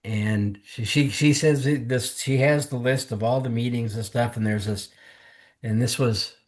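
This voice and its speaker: Steady and unhurried, a man's mid-range voice carries his earnest testimony as a podcast guest. He reenacts what people said to him while talking, visibly emotional and close to tears.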